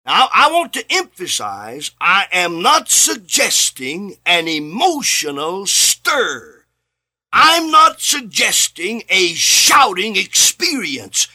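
A middle-aged man preaching a sermon, impassioned, repeating phrases and swinging from shouts to quiet lines. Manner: impassioned, rising to shouts then dropping low.

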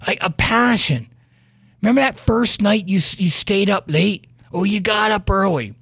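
A man's voice: high voice, moderate pace, vocal fry, a bit bright, breathy edge, dry recording, clean studio sound. A man hosting a podcast, giving an earnest motivational monologue full of stories and "right?" asides. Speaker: podcast host.

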